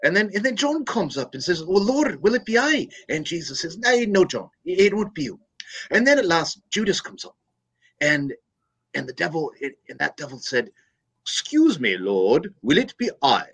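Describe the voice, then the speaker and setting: A man's voice: fairly high pitch, very animated, moderate pace, a bit bright, husky, voice pushed up, exaggerated voice. A man voicing a sly, defiant old Irish priest with a put-on Irish accent and a lilting preacher's delivery. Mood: mock preaching.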